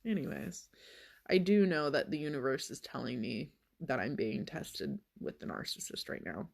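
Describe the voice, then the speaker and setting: A woman's voice: extremely low pitch, big pitch swings, normal speed, gravelly. A woman vlogging in a casual monologue, telling a story in a sarcastic, exasperated way.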